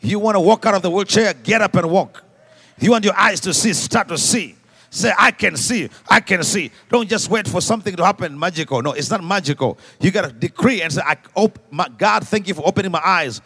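A man preaching a sermon to a live congregation, leading call-and-response and swinging from quiet asides to shouted exhortations. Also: sits high, a little fast, breathy edge. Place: church service before a congregation.

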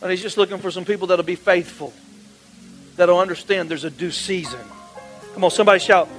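A male pastor preaching a sermon, calling on the congregation to answer back and building to loud, emphatic peaks. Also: high voice, brisk, faint music behind, poor audio. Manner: call-and-response preaching, rising to shouts.

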